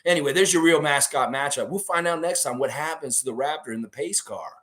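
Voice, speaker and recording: A young man with a hoarse voice hosting a live stream, rambling animatedly through stories and chat with his viewers. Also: fairly high pitch, a little fast, fairly bright tone.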